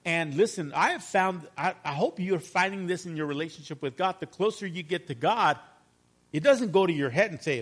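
Higher-voiced middle-aged male pastor preaching. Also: normal speed. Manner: conversational, addresses congregation with call-and-response questions. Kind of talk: sermon.

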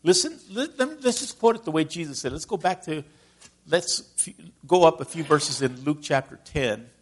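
A man's voice: a little high, expressive, moderate pace, slightly rough. A middle-aged man from Texas preaching a conversational sermon and asking his listeners questions. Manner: conversational, asks the congregation questions.

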